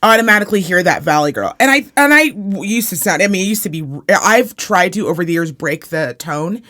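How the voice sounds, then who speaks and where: A woman's voice: fairly low pitch, animated, brisk, a bit bright. Brash young woman podcast host. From Reno, Nevada. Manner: brash, swearing, laughing often. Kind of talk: casual chat.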